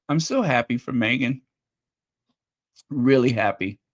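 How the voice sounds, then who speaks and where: Male channel host, fairly high voice, unhurried, emotional, chatty reaction commentary. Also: lively intonation. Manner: chatty, openly emotional, repeats phrases. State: voice getting strained.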